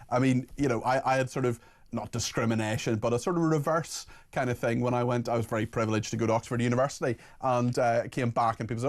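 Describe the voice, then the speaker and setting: A man's voice: medium pitch, fast. A man hosting a talk radio interview, speaking in a conversational, somewhat hesitant way. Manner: conversational, hesitant, with filler restarts.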